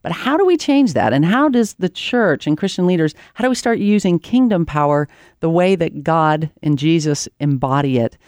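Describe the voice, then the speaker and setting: A woman's voice: low voice, animated, normal speed, a little mellow, no echo, clean studio sound. A woman hosting a talk show and interviewing a guest, with an earnest, emphatic delivery. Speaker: radio show host.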